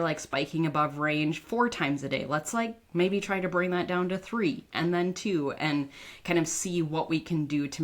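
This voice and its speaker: A woman's voice: low voice, fairly bright tone. A woman dietitian and author talking casually as a podcast guest, chatty and full of "like" fillers. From northern United States. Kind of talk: casual interview talk.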